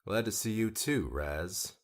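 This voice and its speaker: A man doing a low, cheeky wisecracking hero. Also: animated, measured pace. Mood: wry. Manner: sarcastic, mumbling asides.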